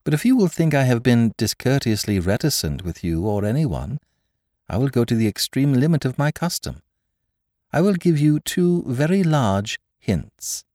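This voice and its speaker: A man voicing a cheerful small priest-detective in a dramatized story reading, speaking gently with quiet amusement. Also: mid-range voice, sing-song, moderate pace, no room sound, clean studio sound, voice pushed up, lightly acted. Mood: mild, amused. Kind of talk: audiobook character voice.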